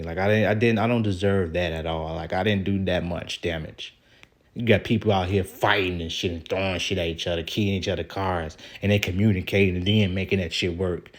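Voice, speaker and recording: A man with a very low voice vents to his camera about a falling-out. His talk wanders and doubles back, aggrieved and loose, with casual swearing. It sounds like a personal vlog monologue. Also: fairly even intonation, fairly quick. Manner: rambling and aggrieved, with casual profanity. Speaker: vlogger. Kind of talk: venting vlog monologue reading out texts.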